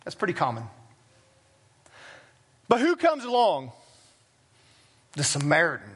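A man's voice: fairly high pitch, wildly swooping pitch, a little slow, a bit bright, husky. A man preaching a sermon as pastor, talking plainly and conversationally with self-deprecating asides. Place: church sanctuary.

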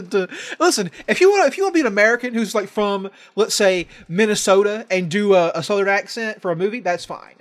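A young man co-hosting a podcast, animated and mock-outraged, swearing freely in casual chat. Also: sits high, brisk, hardly any pauses. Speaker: podcast co-host.

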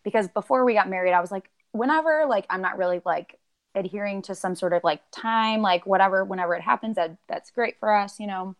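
A fast-talking woman with a mid-range voice and fairly even intonation guests on a podcast, chatting casually and at length. Her rambling is thick with "like"s and "um"s, and she acts out her own remembered lines.

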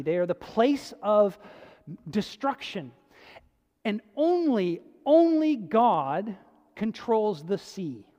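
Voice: medium pitch, dull audio. Preacher in a reverberant hall. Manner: conversational preaching, swinging between emphatic and hushed. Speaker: pastor. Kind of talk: sermon.

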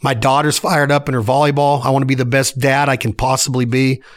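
A man's voice: medium pitch, flat delivery, brisk. A man in his forties hosting a podcast, giving a fired-up motivational solo rant in punchy, emphatic short sentences. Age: 40s. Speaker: podcast host.

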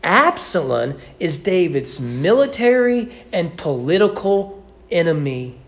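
Animated male preacher with a lively voice. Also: a little high, vocal fry. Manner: expressive preaching, slowing and stressing key words. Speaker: pastor. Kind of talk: sermon. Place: church sanctuary.

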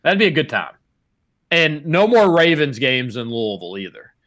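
A man's voice: a little high, big pitch swings, moderate pace, fairly bright tone. A man co-hosting a casual sports podcast, wry and opinionated, rambling through his points. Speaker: podcast co-host.

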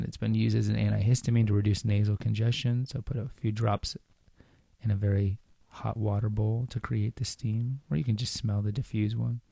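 A man's voice: mid-range voice, gravelly, mellow, no room sound, studio quality. A man hosting a solo podcast, talking casually with rambling asides and self-corrections. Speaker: podcast host.

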